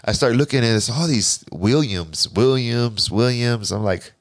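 A man in his forties, a podcast guest, telling a personal story in casual, animated talk, often quoting himself and swearing. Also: mid-range voice, normal speed, no echo, clean studio sound. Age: 40s. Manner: animated, profane, restarts and quotes himself.

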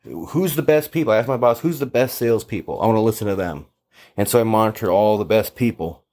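A man's voice: fairly low pitch, fast talker. A man telling sales stories in a casual, chatty monologue as a coach, with many fillers, acting out the people he quotes. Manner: animated, chatty, lots of fillers, acts out quoted voices.

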